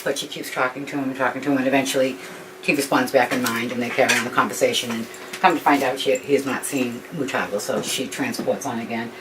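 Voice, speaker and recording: A woman's voice: very deep voice, steady tone, quick pace. A woman retelling a story informally, rambling with frequent ums and restarts. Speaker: author telling her story. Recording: distant mic with faint background noise.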